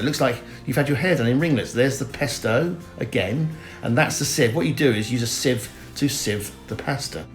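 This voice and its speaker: A middle-aged man giving a rambling, mock-earnest comic voice-over and chatting straight to the viewers. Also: medium pitch. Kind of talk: deadpan comic narration. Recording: roomy sound with faint music.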